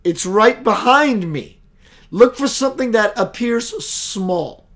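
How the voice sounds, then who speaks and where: A man voicing a slow, calm alien guide. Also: high-pitched, exaggerated voice. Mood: calm, guiding. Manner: slow, measured, instructive.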